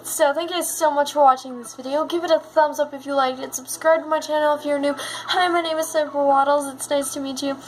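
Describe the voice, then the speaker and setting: A chatty, excitable woman telling stories in a casual vlog. Her voice sits high and bright in pitch, and she talks to her viewers in a loose, conversational way. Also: fairly quick, few pauses, a little hiss or hum, poor audio. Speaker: YouTuber.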